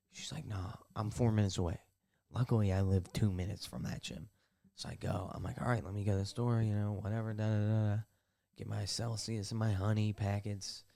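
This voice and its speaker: A young man hosts a casual solo podcast from the bathtub at home, his voice low-leaning, gravelly and mellow. He tells a rambling story, profane and self-mocking.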